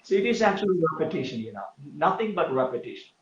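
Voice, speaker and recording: A man's voice: a little high, very animated, quick pace. A man talking earnestly in a casual conversation, explaining his views fluently with some fillers. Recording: dull, echoey room sound.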